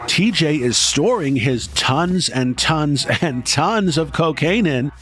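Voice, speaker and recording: A man's voice: on the high side, animated, slow pace, background noise. A man hosting and narrating a documentary podcast in a scripted, dramatic, suspense-building delivery.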